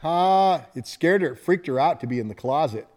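A middle-aged man, a pastor, delivers a sermon in a relaxed, chatty style and often jokes with the people in front of him. His voice sits a little higher than most men's. He tells family stories as if talking with friends. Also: normal speed. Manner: folksy, conversational preaching with laughter and asides to the congregation.

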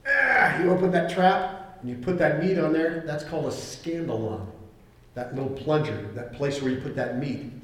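A man preaching a sermon as pastor, conversational and animated, acting out the voices he quotes. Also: on the high side, moderate pace. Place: church hall. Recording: echoey hall.

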